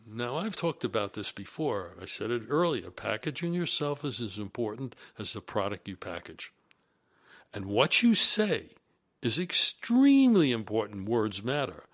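A business executive recounts his career in an animated monologue. He is deliberate and emphatic, and his voice is mid-pitched. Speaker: executive telling career stories. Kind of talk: storytelling monologue.

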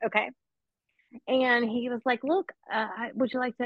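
A woman hosting a casual talk show, telling animated, profane stories and laughing often. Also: fairly high pitch, moderate pace, no room sound, highs cut off. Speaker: podcast host. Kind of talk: casual storytelling chat.

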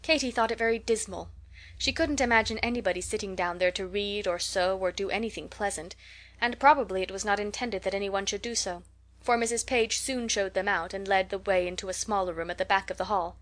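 A woman reads a classic novel aloud as an audiobook narrator. Her delivery is steady and even, and her pitch sits in the middle range for a woman. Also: brisk. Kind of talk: scripted narration.

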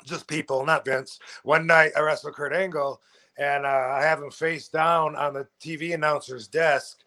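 A man's voice: on the high side, steady tone, normal speed, sharp tone. A man of about fifty chatting as a podcast guest, rambling with many fillers and restarts. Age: 50s. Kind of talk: casual podcast chat.

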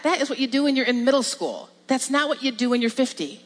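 A woman pastor giving a lively, emphatic sermon with repetition and laughs. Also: high voice, quick pace. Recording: long reverb of a large hall.

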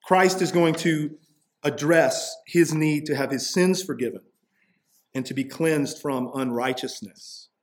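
Conversational preacher, a man with a higher voice. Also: a little slow. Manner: conversational preaching, frequent "right?" asides, acts out quoted voices. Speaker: pastor. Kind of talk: sermon.

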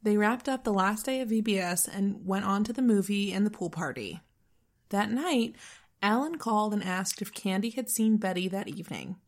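A woman co-hosting a true-crime podcast, narrating the case in an earnest, easygoing way. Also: medium pitch. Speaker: podcast co-host. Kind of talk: casual true-crime storytelling.

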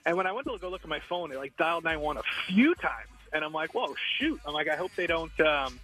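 Bright, fast-talking male radio caller. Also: a little high, faint music behind. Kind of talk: storytelling on a call-in.

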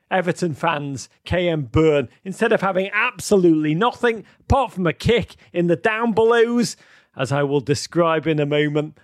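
A man hosting a live-streamed football chat, excitable and theatrical, swinging from outbursts to mock gloom with many ums. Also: a little high, moderate pace, dry recording, clean studio sound. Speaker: host.

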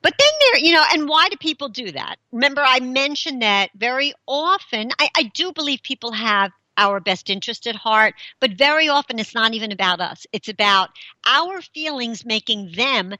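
A middle-aged woman talks to her listeners in a casual, chatty show monologue. Her voice is bright and high, and it swings up and down a lot. She laughs often, and the sound is dry and close. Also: lively intonation, moderate pace, no echo. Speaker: host.

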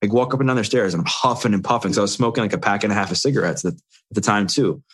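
A man with a somewhat low voice talks candidly about his own life as an interview guest. He is earnest and builds his story in quick chains of short phrases, with everyday fillers along the way. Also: a bit bright, breathy edge.

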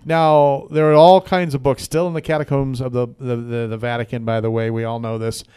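A man's voice: medium pitch, little pitch movement, brisk, warm tone, smooth. A man hosting a local radio talk show, telling a rambling joke with lots of fillers and asides. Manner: joking, rambling storyteller with many fillers. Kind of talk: casual radio chat. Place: radio studio.

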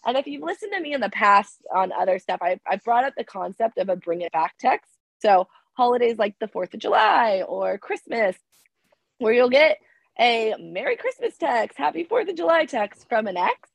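A young woman co-hosting a podcast in casual chat, telling stories excitedly with a slightly hoarse voice that keeps cracking because she is sick. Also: fairly high pitch, normal speed, no room sound, low-quality recording. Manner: excitable storyteller, gushing and animated. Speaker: podcast co-host.

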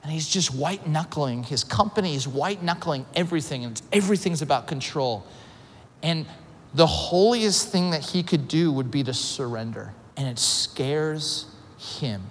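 A male pastor delivering a sermon, telling stories with lively quoted voices and quick self-deprecating asides. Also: fairly high pitch, slight background noise. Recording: long reverb of a large hall.

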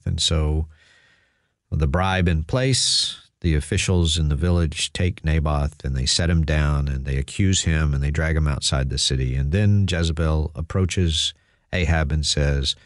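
A man with a very low, deep voice tells a Bible story on his radio show, chatting along in a folksy way and lightly voicing the characters' lines. The sound is dry and close, with no room around it. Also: measured pace, dry recording. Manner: folksy retelling, acting out quoted dialogue lightly. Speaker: radio host and preacher.

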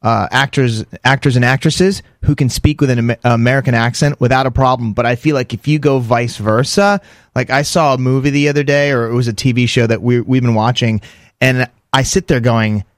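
A man co-hosting a morning radio show, chatting at length and telling stories with animated asides. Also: medium pitch, fairly quick, no room sound, clean studio sound.

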